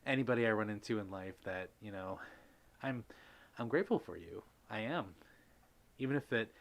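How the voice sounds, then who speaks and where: Heartfelt male streamer thanking his viewers. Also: lowish voice. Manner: heartfelt, rambling with many fillers; reads chat messages aloud and greets viewers. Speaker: livestream host. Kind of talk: casual live stream chat.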